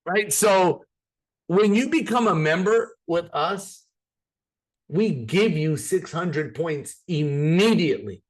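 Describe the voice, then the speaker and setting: A man presents an opportunity to a live group in an upbeat, persuasive sales style. His voice sits slightly higher than most men's. He addresses the room directly and keeps the pitch moving.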